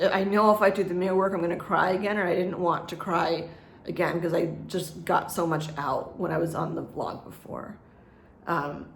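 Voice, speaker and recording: A woman speaks in a casual home vlog, rambling and chatty with frequent laughter and fillers. Her voice sits at an ordinary middle pitch. The room around her is echoey. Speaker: vlogger.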